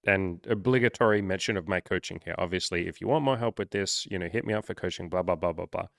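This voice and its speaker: A low-voiced man coaching in loose, casual talk, blunt and full of swearing, often mocking himself. The sound is close and dry, with no room around it. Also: fast talker, creaky, no room sound. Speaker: dating coach.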